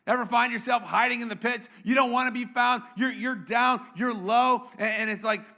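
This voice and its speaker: A man's voice: very high-pitched, fairly even intonation, moderate pace, creaky, few pauses, bright, forceful tone. A male pastor preaching a sermon in a conversational way, with joking asides and frequent restarts.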